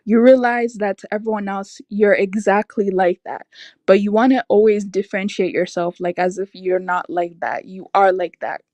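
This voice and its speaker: A woman's voice: mid-range voice, fairly even intonation, normal speed, darkish tone, no room sound. A young woman talks on her livestream in a casual, exasperated rant, leaning hard on her points and dropping "like" into nearly every sentence. Her voice sits in a middle range for a woman. The sound is dry and close, with no room in it. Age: young adult. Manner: exasperated, emphatic, frequent "like" and laughs. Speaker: livestream host. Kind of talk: casual opinion rant on a stream.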